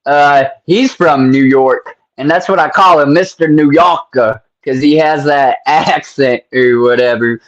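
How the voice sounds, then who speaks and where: A man's voice: on the high side, lo-fi sound. A man hosting a casual interview, chatty and friendly, laughing often and using lots of slang. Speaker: interview host.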